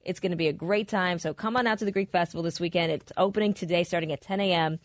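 A middle-aged woman co-hosting a radio show, promoting a local event with quick enthusiasm. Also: lowish voice, fairly even intonation, no echo, clean studio sound.

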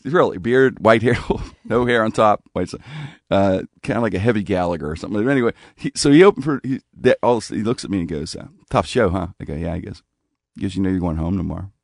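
Man, low gravelly voice, dry close sound, rambling casual storytelling. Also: fast talker, dry recording. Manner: rambling, animated anecdote with restarts. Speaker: comedian telling a story.

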